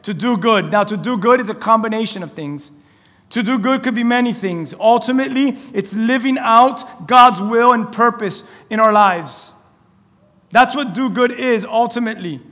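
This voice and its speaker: A man preaching a lively, conversational sermon as pastor, acting out quoted lines and laughing along the way. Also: very high voice, moderate pace. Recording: church hall with long reverb.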